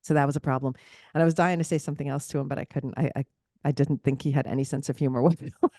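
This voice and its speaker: Podcast co-host, woman, low register, animated storyteller who laughs easily, dry close recording. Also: rapid-fire, no room sound. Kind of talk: casual chat.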